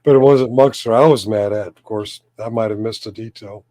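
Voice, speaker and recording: Joking and chuckling through a casual live-stream chat, this host has a mellow, lowish, steady voice and talks a little fast, with no echo. He keeps clearing his throat and says he's losing his voice.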